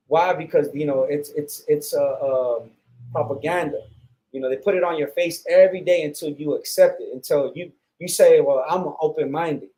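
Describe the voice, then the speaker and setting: American guy preaching, kinda fired up, lots of repeats and fillers, voice a bit high but mellow. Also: moderate pace. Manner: repetitive, fervent, with many fillers. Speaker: street preacher teaching a class. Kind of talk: preaching lecture.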